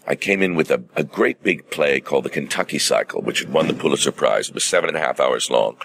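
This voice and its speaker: A middle-aged man, a stage actor, telling stories in a relaxed, measured way as an interview guest. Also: very deep voice, gravelly, noisy background. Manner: measured, theatrical anecdote-telling with acted-out quotes.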